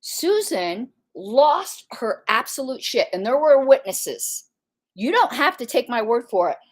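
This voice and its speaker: A woman with a fairly high voice that climbs and drops all over as she tells the story. She is indignant and sarcastic, moving between mock disbelief and sharp emphasis in a casual commentary monologue. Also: very animated, a little slow. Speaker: political commentator, party secretary.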